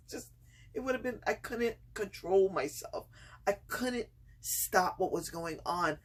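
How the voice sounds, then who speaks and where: A woman recording a casual home vlog in an unhurried, drawn-out way, with a husky, breathy edge to her voice. She pauses often and fills gaps with fillers before bursting into excited storytelling. Her throat sounds a touch itchy from earlier screaming. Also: mid-range voice. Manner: hesitant, many pauses and fillers, turns excited and laughing when telling the story. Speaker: vlogger.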